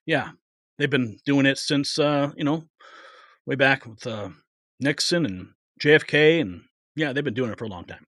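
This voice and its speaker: A man's voice: mid-range voice, normal speed, a bit bright, no room sound, clean studio sound. A man hosting a live political stream, chatting casually, greeting viewers by name and getting emphatic about the stakes. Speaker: political livestream host.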